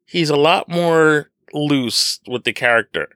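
A man co-hosting a casual film review podcast, animated and joking, with playful mock impressions. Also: a little high, slow, dry recording, clean studio sound. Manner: animated, laughs often, does mock impressions. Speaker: podcast co-host.

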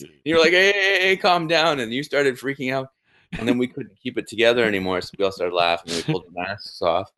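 A man in casual chat, an animated storyteller who often repeats words as he recalls an old prank. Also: lowish voice.

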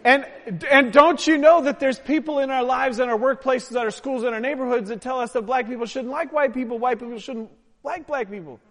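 A man's voice: very high voice, steady tone, fairly quick, few pauses, a bit bright, long reverb tail. A man preaching a sermon to his church, joking with the congregation and drawing them in. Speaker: pastor. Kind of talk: sermon with audience participation. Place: church sanctuary.

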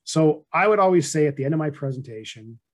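A middle-aged man, a financial advisor, talking through money habits in a casual podcast interview with a fairly monotone, plain-spoken delivery. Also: fairly high pitch, fast talker.

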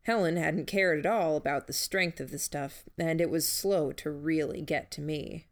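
A woman narrating a first-person story in a dry, measured manner. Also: low voice. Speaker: audiobook narrator.

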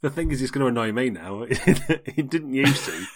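A man's voice: medium pitch, animated, normal speed. A man co-hosting a casual chat about tabletop games, chatty, swearing and laughing a lot. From Britain. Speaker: podcast co-host.

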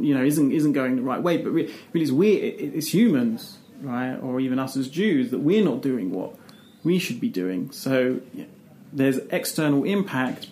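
A man's voice: medium pitch, a little mellow, a little hiss or hum. A man guest in a casual discussion who talks hesitantly and repeats words.

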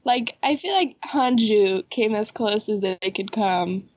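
A woman's voice: mid-range voice, takes it slowly, darkish tone, lo-fi sound. A woman co-hosting a podcast in casual chat, upbeat and eager, with a head cold that makes her voice nasal. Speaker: podcast co-host.

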